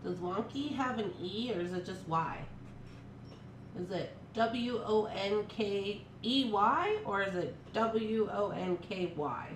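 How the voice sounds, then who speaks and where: A woman's voice: medium pitch, animated, slow pace, recorded from a distance. A woman hosting a casual morning livestream, chatting to viewers and muttering to herself while she works. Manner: talks to herself while working, muttering and laughing. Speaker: livestream host. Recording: roomy echo, faint background hum.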